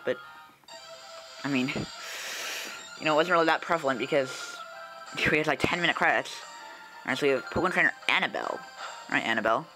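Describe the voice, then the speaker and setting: An excitable man giving casual gameplay commentary with slang and swearing. His voice is bright and forceful, and faint game music sits behind him. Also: a little high, low-quality recording. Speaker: let's play host.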